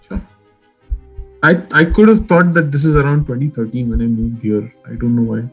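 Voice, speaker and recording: A man reads a scary story aloud on a podcast, slow and hushed as he tries for a creepy tone. His voice sits at an ordinary pitch. Faint music plays underneath. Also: fairly even intonation, husky, poor audio. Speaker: podcast co-host. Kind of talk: casual podcast chat and story reading.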